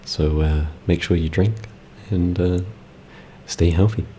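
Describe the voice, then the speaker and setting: A man's voice: low voice, steady tone, takes it slowly, dark tone, slight background noise. A young British man chatting casually with his live-stream audience, laid-back and giggly, rambling with fillers. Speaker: ASMR streamer.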